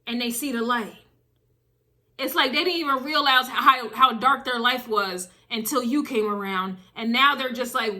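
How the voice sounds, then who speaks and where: High, bright-voiced woman giving a reading. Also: normal speed. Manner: emphatic, repetitive phrasing. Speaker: tarot reader. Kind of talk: casual spiritual reading to camera.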